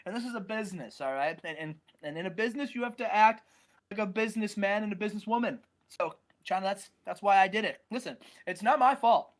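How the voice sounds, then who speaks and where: Streamer putting on a defensive movie-star manager, blustery and raised up a bit higher and louder than his own voice. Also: quick pace, natural voice. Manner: blustery, pleading, talks over others. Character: boastful film-star general manager, defensive.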